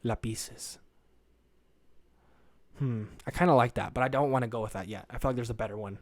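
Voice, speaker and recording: A man's voice: medium pitch, fairly quick, no echo. Rambling, crude young man podcasting solo. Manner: rambling, crude, self-deprecating, jokey. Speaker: podcast host.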